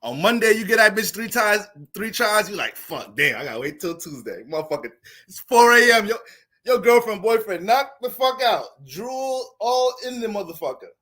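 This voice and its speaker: Young man, astrologer, bright forceful voice, slightly high, loose profane livestream chatter. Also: moderate pace. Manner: profane, animated, laughing. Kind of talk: casual livestream talk.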